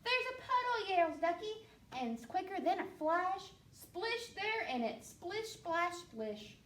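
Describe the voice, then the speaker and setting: High, animated woman reading a picture book. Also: takes it slowly. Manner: animated, playful read-aloud with sound effects. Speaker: children's librarian. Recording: echoey room, mic at a distance.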